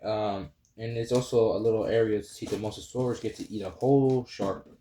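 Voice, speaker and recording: A young man talks through a drawing tutorial in a relaxed, meandering way, with lots of ums and self-corrections. His voice sits a little low, with a warm, mellow tone. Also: brisk, a little hiss or hum. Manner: rambling, apologetic, many fillers and restarts. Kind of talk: casual drawing tutorial chat.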